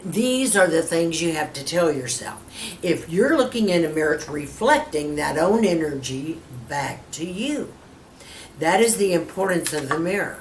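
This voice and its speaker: A mature woman in her fifties talks to her viewers as a beauty vlogger, chatty and encouraging, and keeps calling them girlfriend. Her voice sits a little low and comes from a slight distance. The room gives it a noticeable echo over faint background ambience. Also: slight background noise. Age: 50s. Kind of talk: casual advice to camera.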